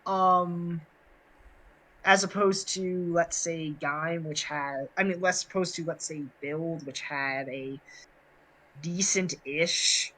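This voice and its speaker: A man's voice: fairly high pitch, fairly even intonation, slow pace, bright, forceful tone, poor audio. A man co-hosting a casual podcast chat, rambling with many fillers and restarts. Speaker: podcast co-host.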